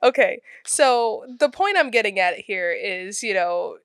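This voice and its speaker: A woman co-hosting a movie review podcast in casual chat, easygoing and quick to laugh. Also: mid-range voice, lively intonation, a bit bright, clean tone, dry recording. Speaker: podcast co-host.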